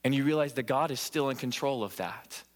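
In an echoey church hall, a man preaches a sermon with earnest emphasis, repeating phrases for stress. His voice is mid-range and a little fast.

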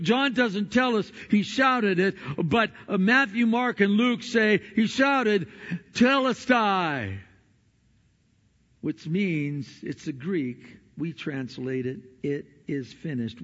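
A male pastor preaching a sermon in earnest tones, moving between hushed passages and emphatic ones. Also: sits high. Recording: dull sound in a reverberant hall.

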